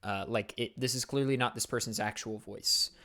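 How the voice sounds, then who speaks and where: A man's voice: mid-range voice, fairly even intonation, moderate pace, sharp tone. A man runs a tabletop game, describing the scene in a loose, casual way. He fills his talk with "like" and "uh" as he narrates. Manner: casual, filler-heavy description. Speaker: dungeon master.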